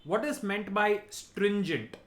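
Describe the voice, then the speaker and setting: A man's voice: high voice, slow pace, a bit bright. A man giving a vocabulary lesson, explaining each word and checking in with "right?". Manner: explanatory, repeats key words, ends points with "right?". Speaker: teacher.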